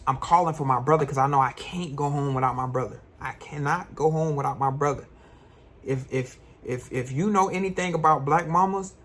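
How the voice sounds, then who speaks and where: A young man, a vlogger, tells a personal story in an animated, slangy way. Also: on the high side, slightly rough. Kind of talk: storytime vlog.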